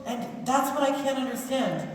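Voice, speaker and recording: An actor playing an earnest, wide-eyed young groom on stage. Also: male voice, very high-pitched, lively intonation, normal speed, a little hiss or hum. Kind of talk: stage musical performance. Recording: distant echoey stage recording.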